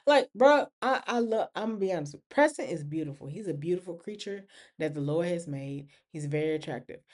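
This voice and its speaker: A podcast host, a woman with a lowish voice, runs a casual TV recap at a brisk clip. She is animated and acts out the characters' lines.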